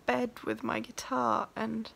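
A woman's voice: a little high, little pitch movement, slow, gravelly, fairly bright tone. A young woman vlogging about her first song, tearful and laughing, overwhelmed with emotion. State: crying. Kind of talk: emotional personal vlog.

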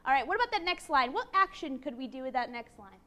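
A woman teaching a college class, lively and encouraging, with a playful manner. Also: high-pitched, fast talker. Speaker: university lecturer. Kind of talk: classroom lecture.

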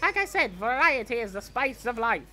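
Over soft background music, a man gives playful in-character gameplay commentary for a fan production, voicing a boastful, chatty villain who is young, cocky and greedy. He talks at a normal speed in a bright, forceful full character voice whose pitch leaps up and down.

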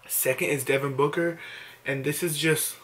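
Just woken up, a young man films a late-night selfie vlog at home, emotional, teary, and breathless with overwhelmed disbelief. He speaks at a moderate pace with a fairly high, fairly bright voice and fairly even intonation.

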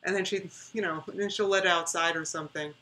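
A chatty woman in her thirties talks straight to her stream audience in a bright, forward voice. She leans on repeated words to make a point and keeps it loose and conversational. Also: fairly low pitch, fairly even intonation, fast, a little hiss or hum. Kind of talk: casual reaction livestream chat.

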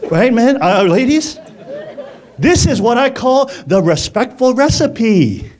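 A man preaching a lively sermon, his voice sitting fairly high for a man and swinging widely up and down. He keeps it conversational, laughs often and keeps asking the congregation questions. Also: takes it slowly.

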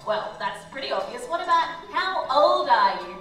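A woman's voice: high-pitched, sing-song, moderate pace, a bit bright, recorded from a distance. A woman hosting a live children's show, playful and mock-outraged as she banters with a puppet. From Australia. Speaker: children's entertainer. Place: children's show venue indoors. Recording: echoey hall mic with music behind.

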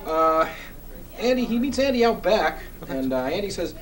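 A man with a slightly high voice hosts a comedy book segment, eager and showy in his delivery. He sounds a little back from the mic. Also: big pitch swings, moderate pace, far from the mic. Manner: eager, showy, exasperated with partner. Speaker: segment host. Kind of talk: comedy sketch, hosting and reading aloud.

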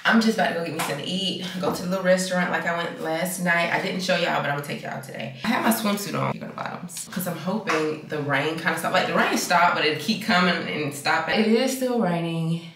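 A low-pitched woman talks frankly to her viewers in a relaxed vlog, swearing freely and calling them y'all. Her voice carries a gravelly fry, and a faint hiss sits behind it in a hotel room. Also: fast talker, hardly any pauses. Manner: chatty, frank and profane, addresses viewers as y'all and friend. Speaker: vlogger. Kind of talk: casual vlog chat to camera.

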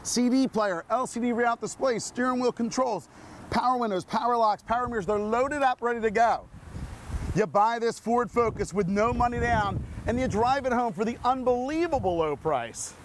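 High-pitched man pitching cars live from an outdoor lot with faint street noise. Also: moderate pace. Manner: energetic, repetitive hard-sell patter. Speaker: car dealership pitchman.

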